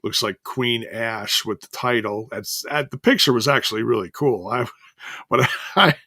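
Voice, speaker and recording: A man's voice: mid-range voice, normal speed, bright, forceful tone, no echo, studio quality. A man hosting a casual solo wrestling review, rambling and correcting himself as he goes, chuckling now and then.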